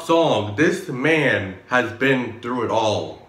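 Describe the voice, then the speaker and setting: A man hosting a music reaction video, talking casually with excitable slang and repeated exclamations. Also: medium pitch, takes it slowly, a little hiss or hum. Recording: echoey room with music playing. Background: song playing in background.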